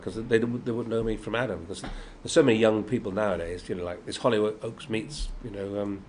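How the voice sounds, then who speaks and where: This older Yorkshireman, a guest actor with a Yorkshire English accent from Yorkshire, England, talks fairly quickly at a fairly low pitch, with hardly any pauses. Being interviewed in a noisy convention room, he tells anecdotes in a lively way, acting out quotes and often laughing.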